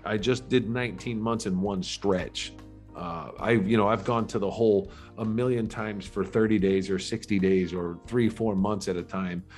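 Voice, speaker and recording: A middle-aged man with a low voice tells his story candidly, earnest and reflective. He often halts and restarts his sentences. Faint music plays underneath. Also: normal speed, a little mellow. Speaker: podcast guest.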